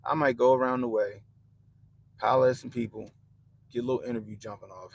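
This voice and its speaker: Gravelly, profane man ranting on stream. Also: mid-range voice, brisk, a little hiss or hum, poor audio. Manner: blunt, profane, animated slang. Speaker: livestream host. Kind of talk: profane political rant to a live chat.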